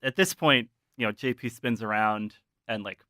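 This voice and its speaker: A man narrating a tabletop horror game as game master, unhurried and searching for words as he sets scenes. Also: fairly low pitch, sharp tone, no echo, studio quality.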